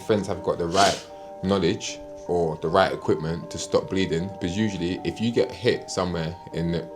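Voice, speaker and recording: A man with a London accent telling his story in an interview, animated and slangy, swearing freely. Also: sits low, moderate pace. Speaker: interviewee, knife crime campaigner. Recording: music playing under the voice. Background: music.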